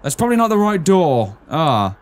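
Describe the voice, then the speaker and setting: A man's voice: a little high, very animated, normal speed. A young man giving casual, jokey let's-play commentary as a gaming channel host, reading on-screen lines aloud.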